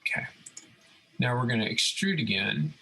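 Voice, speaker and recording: A man's voice: medium pitch, moderate pace, gravelly, slightly rough, low-quality recording. A man talking through a computer design tutorial step by step, checking in often with listeners. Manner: relaxed step-by-step explaining, frequent "okay?" check-ins. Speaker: robotics instructor. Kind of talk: screen-recorded CAD tutorial.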